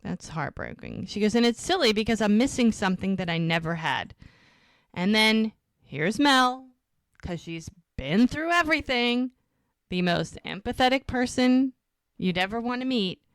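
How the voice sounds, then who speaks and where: A woman's voice: medium pitch, expressive, unhurried, fairly bright tone, clean tone, no room sound, studio quality. A woman co-hosting a podcast, casually recapping an episode and acting out the characters' lines. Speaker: podcast co-host.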